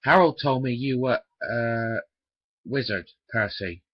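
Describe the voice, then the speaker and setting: A narrator voicing a stout, genial male railway boss who talks in a gruff, fatherly way for a storybook dub. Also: medium pitch, slow pace, highs cut off, voice pushed down.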